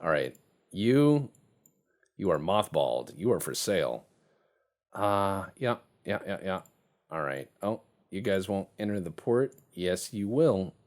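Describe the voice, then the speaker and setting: A man with a low voice gives casual gameplay commentary, joking around and laughing often. His pitch swings widely as he talks. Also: sing-song, measured pace, a little mellow. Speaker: game streamer.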